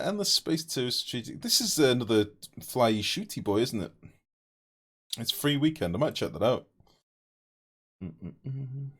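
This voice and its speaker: Sweary male game streamer. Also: on the low side. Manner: blunt, sweary, rambling. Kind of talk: casual live-stream chat.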